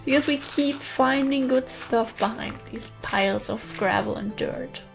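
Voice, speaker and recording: Chatty gravelly-voiced woman gamer. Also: sits high, a little slow, faint music behind. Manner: chatty, thinking aloud while playing, light self-mockery. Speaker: gaming channel host. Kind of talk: casual let's-play commentary. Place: her bedroom at home. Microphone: USB studio microphone.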